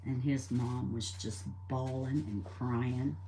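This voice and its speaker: An older woman with a very deep, mellow voice tells a memory slowly, her intonation fairly even over slight background noise. As a storyteller she keeps it casual and plain, chatty and a bit rambling, and acts out the dialogue.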